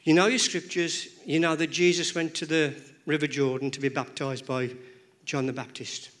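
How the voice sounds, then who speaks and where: A man's voice: fairly high pitch, little pitch movement, moderate pace, fairly bright tone. A man preaching a sermon to a congregation, emphatic and rhythmic, often repeating words and phrases as he builds his points. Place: church.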